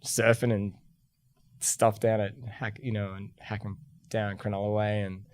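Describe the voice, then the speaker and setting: A man's voice: lowish voice, a little slow. Middle-aged Australian man telling stories. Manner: lively anecdotes, acts out quoted voices. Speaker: podcast guest. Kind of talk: casual storytelling.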